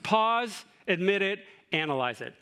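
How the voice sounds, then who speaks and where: A man's voice: high-pitched, very animated, a little slow, bright, forceful tone, clear, resonant tone. A middle-aged man preaching a sermon in a conversational way, with asides and rhetorical questions. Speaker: pastor.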